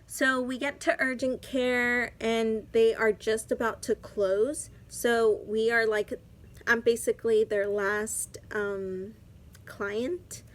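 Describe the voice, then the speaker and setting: A woman's voice: a little high, steady tone, slow pace. A young woman vlogger telling a personal story in a casual, chatty way, full of "like" fillers.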